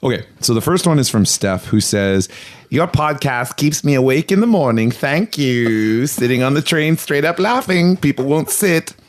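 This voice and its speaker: A man hosting a podcast in a relaxed way, chiming in with quips and reading listener messages. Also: mid-range voice, normal speed. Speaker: podcast host. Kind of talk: casual chat.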